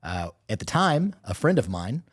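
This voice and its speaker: A man with a fairly low voice chats on a casual podcast. He swears freely and tells a story in a loose, animated way. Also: moderate pace, husky. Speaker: podcast co-host.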